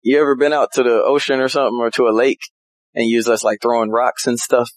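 Animated man preaching casually. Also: mid-range voice, fast talker, dry recording, low-quality recording. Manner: animated, folksy storytelling with laughs. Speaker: pastor.

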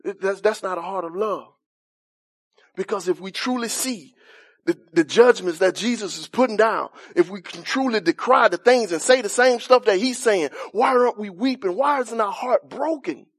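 High-voiced impassioned male preacher. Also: normal speed, breathy edge. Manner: impassioned, rising to shouts then dropping soft. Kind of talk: sermon.

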